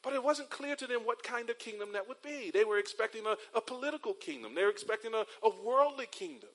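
A man's voice: very high-pitched, lively intonation, quick pace, fairly bright tone, low-quality recording. A man from North Carolina preaching a sermon as a pastor, telling stories and often calling his listeners beloved. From North Carolina, USA. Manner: storytelling preacher with rhetorical tags, addresses listeners as beloved.

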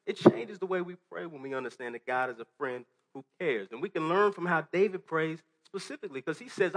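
A man's voice: a little high, a bit bright. A man preaching a sermon to a congregation, talking earnestly and conversationally with restarts and rhetorical questions. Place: church hall before a congregation.

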